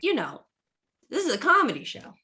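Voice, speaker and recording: A woman's voice: high-pitched, huge pitch swings, moderate pace, pushed and bright, a little hiss or hum. A woman hosting a comedic drinking chat show over a video call, teasing and bawdy with her guests. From United States. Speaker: host.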